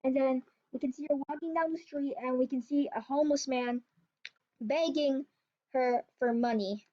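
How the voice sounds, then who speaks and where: At a moderate pace and with fairly even intonation, a woman whose voice is high and mellow rambles through a creepypasta as a storyteller. She restarts and corrects herself often, and the recording sounds dull and lo-fi.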